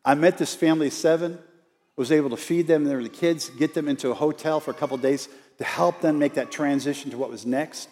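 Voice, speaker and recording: A man's voice: a little high, fairly even intonation, brisk, darkish tone. Man preaching a storytelling sermon. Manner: storytelling, coaxes the congregation to repeat lines. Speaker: outreach minister. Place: church sanctuary. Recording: church hall with long reverb.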